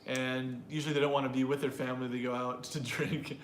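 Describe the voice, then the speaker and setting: A man coaches English pronunciation in a relaxed, chatty way, often restarting his sentences as he thinks aloud. He talks straight to his learners. The room sounds echoey, with a faint hum of background noise behind him. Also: medium pitch, fast. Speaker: pronunciation teacher. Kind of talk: casual teaching chat.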